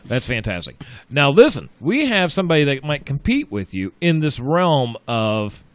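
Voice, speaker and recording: A man's voice: mid-range voice, very animated, moderate pace, no room sound. Rambling talk-show host man, dry studio sound. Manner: rambling, repeats himself, plugs local events. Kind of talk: casual chat. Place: local radio studio.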